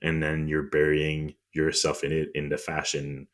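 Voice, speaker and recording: A man's voice: extremely low pitch, monotone, moderate pace, a bit bright. A man with a French accent, a podcast co-host explaining history in casual chat, with frequent ums and restarts on tricky words.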